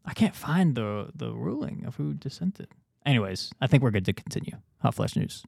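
A man's voice: medium pitch, sing-song, normal speed, vocal fry, a little mellow, no room sound, clean studio sound. A man co-hosting a talk show with wry, chuckling comments. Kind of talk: casual chat.

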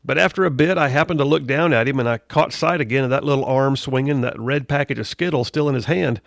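A man's voice: medium pitch, fast talker, creaky, no echo, studio quality. A middle-aged man hosting a talk radio show, delivering a folksy, conversational monologue with preachy asides.

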